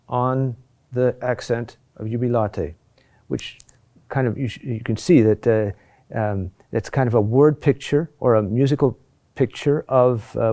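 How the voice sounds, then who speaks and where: Male lecturer, unhurried and hesitant delivery, mellow low-key tone. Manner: slow, halting delivery with many fillers and restarts. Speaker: teacher of Gregorian chant. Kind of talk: classroom lecture.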